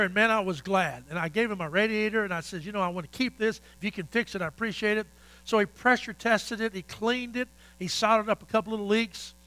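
A man's voice: sits high, no echo, poor audio. Folksy older man preaching. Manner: folksy, animated storytelling with repeated phrases. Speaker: pastor. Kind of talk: sermon storytelling.

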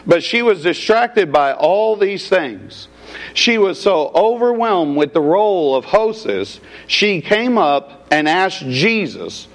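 A man's voice: sits high, sing-song, slow pace. A man preaching an expository sermon, asking rhetorical questions and addressing the congregation as folks. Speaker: pastor.

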